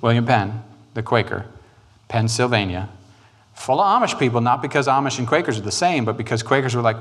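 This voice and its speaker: A man, preaching a sermon on church history in an animated, joking way. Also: medium pitch. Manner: animated, joking, quick asides and put-on quotes. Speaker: pastor.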